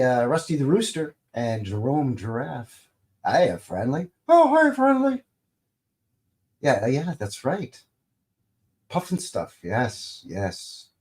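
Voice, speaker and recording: Rambling, folksy Canadian live stream host. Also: male voice, medium pitch. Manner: rambling and folksy, many fillers and restarts. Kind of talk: casual live stream chat.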